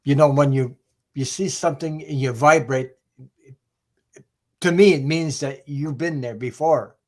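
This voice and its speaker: Man musing in halting speech. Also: a little high. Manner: musing, halting, many restarts. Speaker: participant. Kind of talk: casual group chat.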